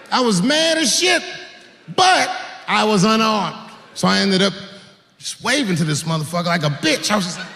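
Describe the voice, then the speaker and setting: A man performing profane stand-up comedy on stage, acting out stories with shouted sound effects. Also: high-pitched, normal speed, creaky. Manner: profane, animated, full of acted-out sound effects. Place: stage in a large hall. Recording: echoey hall, faint noise.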